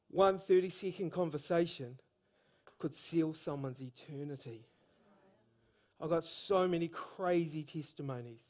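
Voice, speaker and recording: A man with a New Zealand accent preaching a sermon, telling stories with energy and bursts of shouted emphasis. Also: fairly high pitch, unhurried.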